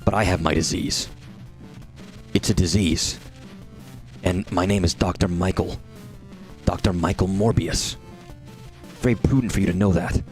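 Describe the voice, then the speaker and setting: Man doing a pompous doctor, low, slow and droning, in a game stream bit. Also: steady tone, darkish tone, soft background music. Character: self-important male doctor repeating his name.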